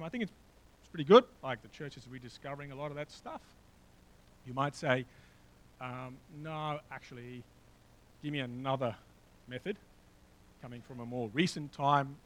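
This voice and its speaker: A pastor preaches a sermon in a conversational style in a church hall with a slideshow, using plenty of fillers and asides. His voice is mid-range and slightly bright, and the recording is rough.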